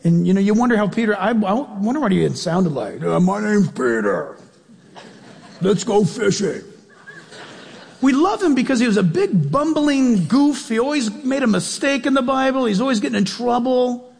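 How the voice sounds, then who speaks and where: A man preaching a sermon in a church, animated, acting out quotes and questioning his congregation. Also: very high-pitched, a little fast, vocal fry, husky, big-room sound.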